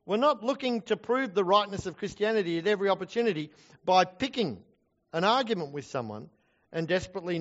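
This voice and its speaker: A man's voice: high voice, lo-fi sound. A man preaching a sermon in an earnest, conversational way with self-deprecating asides, recorded in a church. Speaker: preacher, Bible college teacher.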